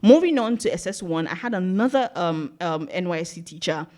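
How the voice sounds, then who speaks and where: A young Nigerian woman with a Nigerian accent, a podcast guest telling stories in casual chat, animated and laughing often. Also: fairly low pitch, fairly quick. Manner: animated storytelling with frequent laughs.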